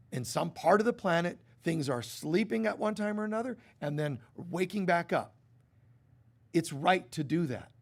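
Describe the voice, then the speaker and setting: A middle-aged male pastor with a fairly high voice gives a casual, chatty sermon. He acts out the people he quotes and drops from emphatic lines to quiet ones. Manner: conversational, acts out quoted voices, swings from loud to hushed.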